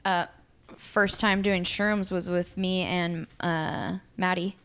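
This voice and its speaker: A woman's voice: fairly low pitch, slow, clean tone. A woman co-hosting a podcast, casually telling stories with swearing and acted-out quotes. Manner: animated storyteller, acts out quotes, swears freely. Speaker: podcast co-host. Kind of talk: casual chat.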